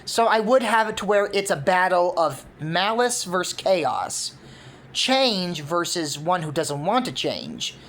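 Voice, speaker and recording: A woman's voice: fairly low pitch, sing-song, measured pace. A woman casually laying out her fan concept for a cartoon, rambling with many fillers. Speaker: fan video creator.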